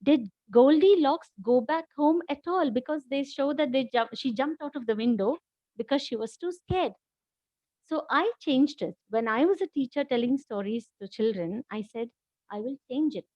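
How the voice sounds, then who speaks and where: Animated Indian English woman storyteller. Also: high-pitched, moderate pace, no room sound. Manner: animated, expressive reading. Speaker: storyteller, former teacher. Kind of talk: children's story read-aloud. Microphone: laptop mic on video call. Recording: dull, dry video call audio.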